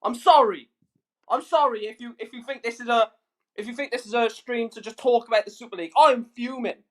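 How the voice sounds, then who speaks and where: A man's voice: very high voice, fairly even intonation, quick pace. A man ranting on his livestream, furious and swearing, repeating himself for emphasis. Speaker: YouTube streamer. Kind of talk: angry livestream rant.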